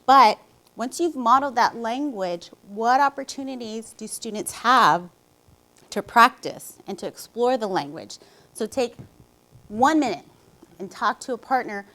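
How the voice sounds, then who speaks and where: A woman's voice: fairly high pitch, expressive, measured pace, sharp tone, rough recording. A woman presenting to teachers in a conversational way and setting them a partner task. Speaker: literacy presenter. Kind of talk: professional development talk.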